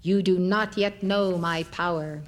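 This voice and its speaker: A man's voice: high-pitched, steady tone, measured pace. A woman voicing a proud, short-tempered young yogi. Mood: indignant. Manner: indignant, demanding.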